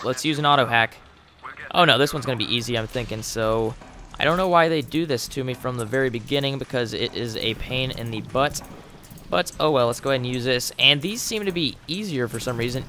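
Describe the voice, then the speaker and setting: A man giving casual let's play commentary, excitable and quick with exclamations as he plays. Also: medium pitch. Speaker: gamer. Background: game music.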